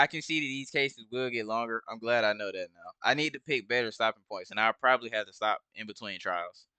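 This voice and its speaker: A man's voice: medium pitch, bright, forceful tone, clean tone, no room sound. A man chatting casually as a gamer, rambling with slang and hesitant fillers. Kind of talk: casual let's-play chat.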